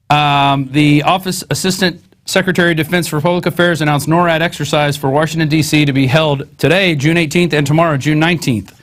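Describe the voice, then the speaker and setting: A man hosting a news show, reading articles aloud and adding sarcastic, conversational asides. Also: a little high.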